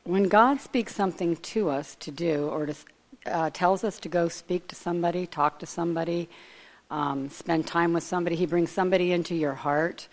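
A woman's voice: fairly low pitch, moderate pace. A woman giving an informal, conversational sermon, digressing and speculating aloud as she retells a Bible story. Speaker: preacher.

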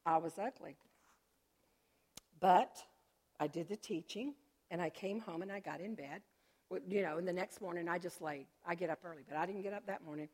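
A middle-aged woman telling a personal faith testimony, animated and swinging from joyful shouts to hushed, low recollection. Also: moderate pace, pauses often. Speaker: church member giving testimony.

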